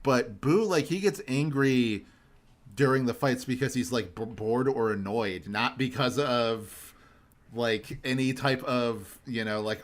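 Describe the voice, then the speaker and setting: Man, young adult, podcast host, casual chat, animated ranting, mid-pitched voice. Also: a little slow. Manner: animated ranting, swears for emphasis.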